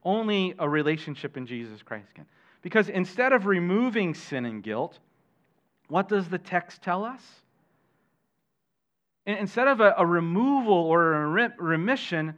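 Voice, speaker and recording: A middle-aged man preaching a sermon as pastor, animated, questioning his listeners and adding jokey asides. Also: a little high, measured pace, pauses often. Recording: dull lo-fi sermon recording.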